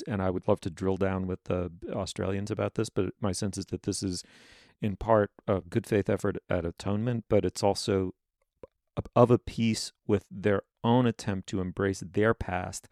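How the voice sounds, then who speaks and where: A man co-hosting a podcast, speaking thoughtfully and haltingly with many fillers. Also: deep voice, fairly even intonation, darkish tone, no echo, clean studio sound. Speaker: podcast co-host. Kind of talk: casual chat.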